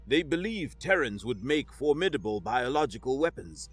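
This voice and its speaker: A man's voice: mid-range voice, sing-song, moderate pace, slightly rough, faint music behind. A man voicing a precise, anxious alien guide with a synthesized-sounding voice, speaking in clipped phrases in a sci-fi audiobook.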